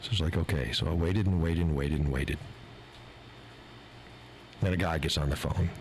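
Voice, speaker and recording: A man's voice: a bass voice, normal speed, a little hiss or hum, low-quality recording. A man hosting his live show, telling an exasperated story with swearing and rising heat. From USA. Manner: animated, exasperated, swears freely. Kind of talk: casual storytelling rant. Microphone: mixer board mic.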